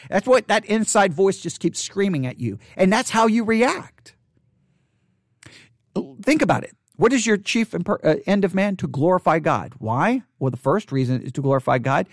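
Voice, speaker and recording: High-voiced, emphatic male pastor. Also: lively intonation, normal speed, dry recording, clean studio sound. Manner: emphatic and repetitive, drops to a hush for quoted thoughts. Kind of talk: sermon-style catechesis teaching.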